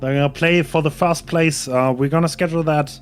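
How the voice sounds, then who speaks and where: A man running a tournament speaks fast and businesslike as he wraps up for the day. Faint music plays behind his voice. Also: on the high side, fairly even intonation. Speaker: tournament organizer. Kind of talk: casual voice chat.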